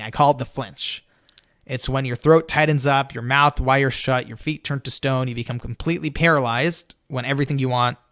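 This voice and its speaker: A young man telling a personal story in a lively, animated way, acting out his younger self and often saying "you know". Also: no echo, studio quality. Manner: lively, acts out his own younger self in a high excited voice; peppers speech with "you know". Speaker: storyteller guest.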